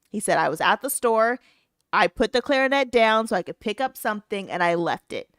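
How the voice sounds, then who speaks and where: Animated woman telling a story. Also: medium pitch, moderate pace, dry recording, studio quality. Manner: animated storytelling, acts out quoted voices. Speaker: podcast co-host. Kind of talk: casual chat.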